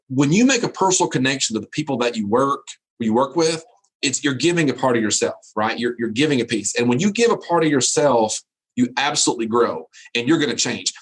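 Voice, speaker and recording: Husky, lively motivational keynote man. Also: mid-range voice. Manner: preachy, emphatic with repeated phrases. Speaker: keynote speaker.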